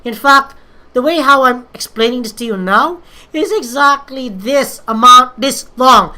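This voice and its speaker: Hesitant young woman, bright voice. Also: high voice, measured pace. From Philippines. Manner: hesitant, many fillers and restarts, candid. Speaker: vlogger. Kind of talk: casual rambling monologue.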